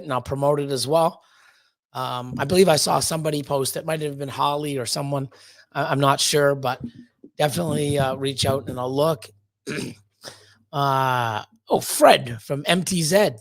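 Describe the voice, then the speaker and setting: With a fairly high, creaky voice and no audible room sound, a livestream host works through his chat, saying hello to viewers one by one in a loose, wandering way stuffed with fillers.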